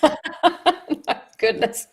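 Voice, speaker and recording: A woman hosting an interview, reacting with short laughs and quiet agreement. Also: sits high, lively intonation, extremely slow. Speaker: podcast host. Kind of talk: casual interview chat.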